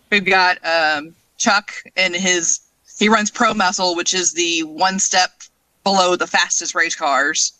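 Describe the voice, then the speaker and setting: A woman's voice: on the low side, steady tone, takes it slowly, bright, forceful tone, no echo, low-quality recording. A woman who organizes a car racing club, speaking as a guest over her cell phone. She answers in a friendly, casual way and laughs between points.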